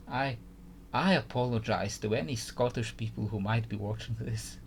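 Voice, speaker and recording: A man's voice: mid-range voice, moderate pace, creaky, a little hiss or hum. A man giving casual gameplay commentary, hesitant and thinking aloud with frequent restarts. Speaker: gaming YouTuber.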